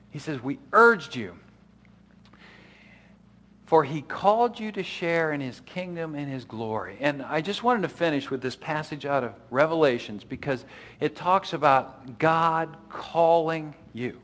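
A man's voice: fairly high pitch, expressive, a little slow, pushed and bright. A middle-aged man preaching a sermon as pastor, in a loose conversational way with frequent restarts and asides.

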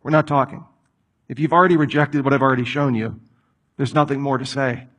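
A man preaching a sermon, reading a passage and acting out the people in it with lively commentary. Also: mid-range voice, fairly quick. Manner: animated, acts out voices of the people in the story. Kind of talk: expository sermon.

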